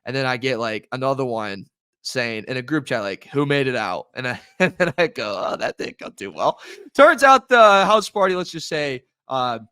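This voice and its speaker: A young adult man co-hosting a casual sports podcast, telling a story in an animated way with laughter. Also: medium pitch, normal speed, smooth, dry recording, clean studio sound. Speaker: podcast co-host. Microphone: headphones and podcast mic.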